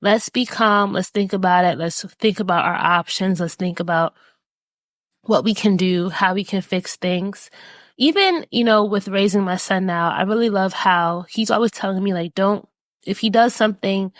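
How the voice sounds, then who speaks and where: A woman's voice: medium pitch, normal speed, dry recording. A woman hosting a podcast, talking earnestly and encouragingly about life lessons, with casual fillers. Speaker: podcast host. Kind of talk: reflective personal talk.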